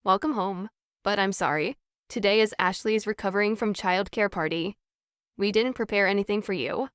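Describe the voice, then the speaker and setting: A cold, demanding mother who talks down to her daughter, read by a woman narrator. The voice is smooth and clear, with a close, dry sound, and every line comes out dismissive and lecturing. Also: medium pitch, fairly even intonation, moderate pace, fairly bright tone, no echo, close to an everyday voice.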